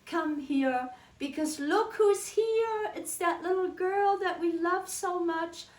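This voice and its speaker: A woman's voice: very high voice, takes it slowly, voice pushed up. A woman voicing a sweet, gushing elderly woman baker who dotes on a child, in a roomy recording from a distance. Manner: doting, effusive.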